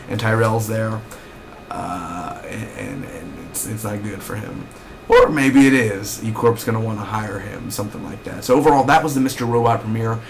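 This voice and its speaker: A young man talks through a TV episode in a loose, rambling recap, drifting into rants and stacking up "like" and "you know" as he goes. His voice sits right at an ordinary middle pitch for a man, with a faint hiss of noise under it. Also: gravelly. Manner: rambling, ranting, with frequent fillers. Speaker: TV episode reviewer. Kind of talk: casual recap and review.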